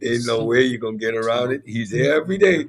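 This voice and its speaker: A man with a Caribbean accent hosting a casual panel talk, animated and drawing out key words. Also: medium pitch, fast. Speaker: podcast host.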